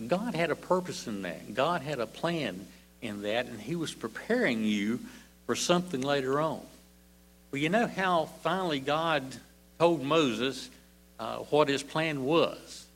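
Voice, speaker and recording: Gravelly older man preaching haltingly. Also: medium pitch, fairly bright tone, slight background noise. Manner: slow and halting, many "uh" fillers and repeated words. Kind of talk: sermon.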